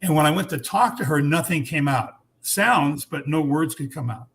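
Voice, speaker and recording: A man in his sixties, a podcast guest, telling a personal story frankly and earnestly, with blunt language and halting restarts. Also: on the high side, a bit bright.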